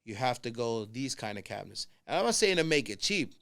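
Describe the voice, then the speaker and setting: New man, podcast guest; smooth, mid-pitched voice, lively storyteller who slips into the voices of the people he quotes. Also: brisk. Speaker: podcast guest, construction consultant. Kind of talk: casual conversation.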